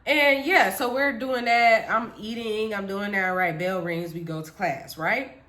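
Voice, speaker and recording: A woman's voice: medium pitch, slow. A young woman from the Caribbean telling a storytime vlog, chatty and talking straight to her viewers. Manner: animated, chatty, addresses viewers directly. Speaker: vlogger. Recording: echoey room.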